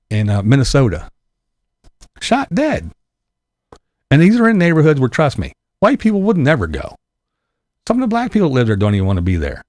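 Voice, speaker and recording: Male vlogger, fairly high-pitched, animated, profane and sarcastic ranter. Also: no echo, clean studio sound. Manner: mocking mimicry of others. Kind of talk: angry political rant.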